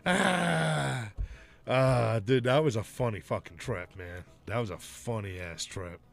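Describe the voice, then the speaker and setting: A man with a slow, gravelly, mid-range voice shares a rowdy story on a podcast in a casual way. Animated and profane, he swears often and keeps laughing through the story.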